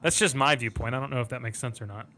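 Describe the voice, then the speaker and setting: A man's voice: medium pitch, bright, forceful tone, slight background noise. Earnest man reading scripture in chat. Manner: earnest, reads Bible verses slowly. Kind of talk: casual Christian conversation with scripture reading.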